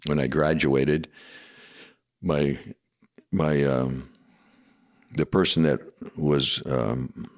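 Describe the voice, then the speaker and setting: A middle-aged man with an extremely deep voice, speaking as a pastor guest on a podcast. He tells his story in a reflective, unhurried manner, pausing often between thoughts. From Washington state, USA. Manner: reflective, steady storytelling with frequent pauses. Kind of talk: telling his life story in a podcast interview.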